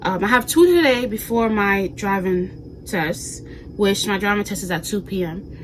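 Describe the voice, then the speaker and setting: A woman's voice: mid-range voice, normal speed, a little hiss or hum, poor audio. A woman in her twenties from New York, chatting casually and animatedly to viewers in a home vlog. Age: 20s. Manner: animated, sassy, talks straight to viewers with slang. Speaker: vlogger. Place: bedroom at home.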